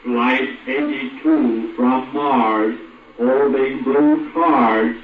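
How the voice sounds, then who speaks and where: A man's voice: medium pitch, fairly even intonation, slight background noise. A man playing a formal spaceport announcer over a public address speaker in a 1950s radio drama. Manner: slow, measured public announcements. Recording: tinny, distant, echoing PA with crowd.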